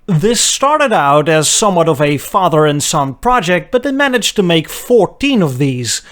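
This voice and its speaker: A man narrating a car history video in a sarcastic, mocking way. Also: a little high. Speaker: car history channel host.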